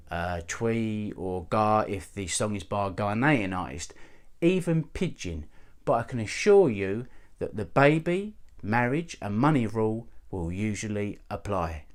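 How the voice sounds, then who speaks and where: A man delivering a dry, sardonic comic monologue to camera, full of punchy asides. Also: on the low side. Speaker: comic presenter.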